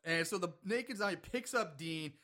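A man's voice: high voice, expressive, moderate pace, bright, forceful tone. A man casually recapping a horror movie plot with a co-host, laughing often and swearing freely. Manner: laughs often, profane, retells scenes. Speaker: podcast co-host.

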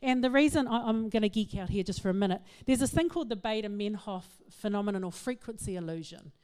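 A middle-aged woman, giving a humorous, self-mocking talk to an audience in an animated storytelling manner. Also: mid-range voice, quick pace, smooth. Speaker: speaker.

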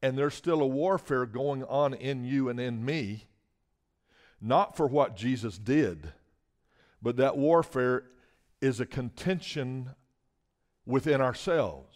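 A man's voice: mid-range voice, takes it slowly, pauses often. Emphatic preacher, man. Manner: emphatic, repeats words, asks "Amen?". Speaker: guest preacher. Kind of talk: sermon.

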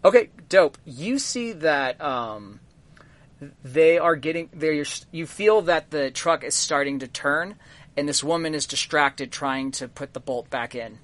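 A man narrating a tabletop game as game master, unhurried and full of fillers. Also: on the high side, no room sound. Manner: relaxed, halting narration with many fillers.

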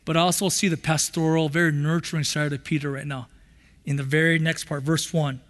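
A male pastor preaches with passion, circling back and repeating his phrases as he builds. His voice sits high for a man. It carries a long reverb from the church hall around him. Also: level tone, a little fast, fairly bright tone. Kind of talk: sermon.

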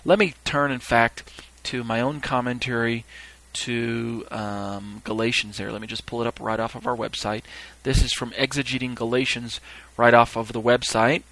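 A man's voice: medium pitch, flat delivery, moderate pace, fairly bright tone, low-quality recording. A man giving a podcast Bible teaching who reads scripture and his commentary aloud. He searches his notes with fillers and grows emphatic as he explains.

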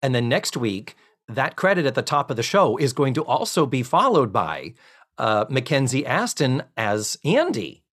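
A man in casual podcast chat walks through a sitcom episode. His pitch swings widely as he tells it. He slips into quick, sarcastic impressions of the characters. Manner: animated storyteller, acts out quoted lines with sarcasm. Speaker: podcast co-host recapping a sitcom.

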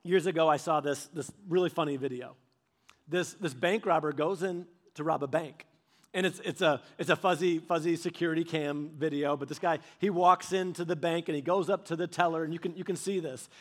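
A man preaching a sermon, telling stories with animated delivery and acting out quoted voices. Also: on the high side, brisk.

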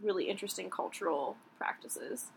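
A woman's voice: medium pitch, expressive, normal speed, creaky, slight background noise, poor audio. A woman co-hosting a podcast in casual chat. She talks with a hesitant, chatty manner and often laughs. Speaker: podcast co-host.

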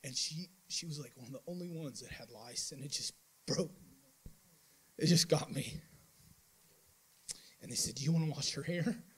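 Husky-voiced man telling a mission story. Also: mid-range voice, a little slow, long pauses, low-quality recording. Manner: animated storytelling with many restarts and acted-out quotes. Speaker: church member giving a mission trip report. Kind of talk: informal sermon testimony.

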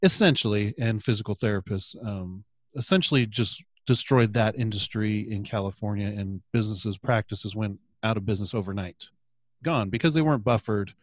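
An earnest man in a relaxed conversation, pressing his points with emphasis. His voice sits close and dry on the mic, with no room sound around it. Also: fairly low pitch, normal speed, no echo. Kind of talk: casual chat, reading a quoted passage aloud.

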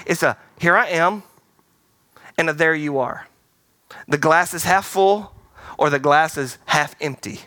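A male pastor preaching with a bright, forceful voice that sits a little high. He is animated and playful, slipping into quoted voices and laughing as he goes. The sound is close and dry. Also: moderate pace, clean tone, no room sound. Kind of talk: sermon. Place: large theater-style church hall.

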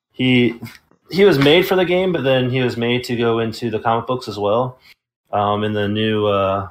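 A man co-hosting a casual game review podcast, recapping the story hesitantly with many ums and uhs. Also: lowish voice. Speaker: podcast co-host.

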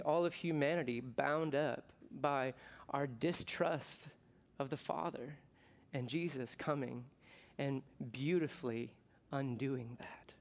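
With a medium-pitched voice, this middle-aged pastor from the United States delivers a sermon. His tone is chatty and full of jokes, punctuated by excited outbursts.

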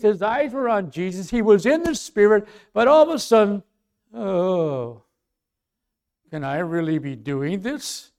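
High-voiced slow preaching man. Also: creaky. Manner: swings from loud emphatic preaching to soft quiet asides. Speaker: pastor. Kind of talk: sermon.

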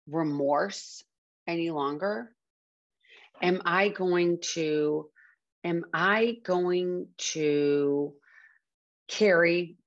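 A woman's voice: on the low side, muffled recording. A woman hosting a podcast, talking candidly and earnestly about her own recovery, often circling back and restarting her sentences. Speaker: podcast host. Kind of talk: candid personal talk on addiction recovery.

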